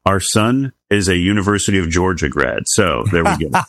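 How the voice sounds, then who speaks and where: A middle-aged man hosting a casual interview, asking questions in a relaxed and friendly way. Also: deep voice, normal speed, dry recording. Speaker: host.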